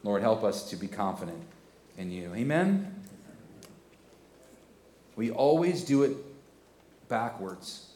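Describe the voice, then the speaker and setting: A man in his forties preaching a sermon, swelling into loud, emphatic passages. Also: lowish voice, animated, takes it slowly, long pauses, echoey room. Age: 40s. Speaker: pastor. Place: church sanctuary.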